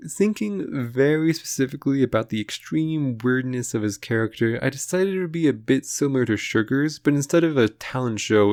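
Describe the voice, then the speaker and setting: A man's voice: mid-range voice, darkish tone, no echo, studio quality. Young man casually retelling a story. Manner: storytelling with frequent laughs and asides. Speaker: fan commentator. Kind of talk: casual narrated retelling and commentary.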